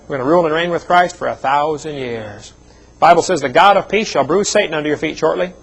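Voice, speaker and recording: Man preaching, husky voice, slightly high, folksy storyteller with jokes. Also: expressive, fast talker, poor audio. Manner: folksy storytelling with joking asides. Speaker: evangelist speaker. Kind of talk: seminar sermon with personal stories.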